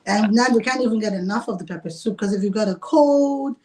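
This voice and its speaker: A woman's voice: mid-range voice, fairly quick, a little mellow. Chatty woman restaurant owner. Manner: chatty, laughs often, uses "like" a lot. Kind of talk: casual interview. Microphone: video call.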